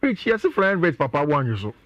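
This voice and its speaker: A man's voice: fairly high pitch, sing-song, brisk, fairly bright tone, dry recording, highs cut off. A man with a Ghanaian accent, talking as a sports pundit on a radio show, chatty and often addressing his co-host.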